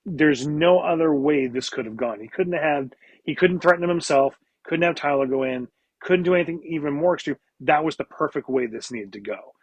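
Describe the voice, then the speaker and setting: Husky man chiming in on a movie. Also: a little high, normal speed, no room sound. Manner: animated, swears, restarts sentences. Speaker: podcast regular. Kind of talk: casual movie review chat.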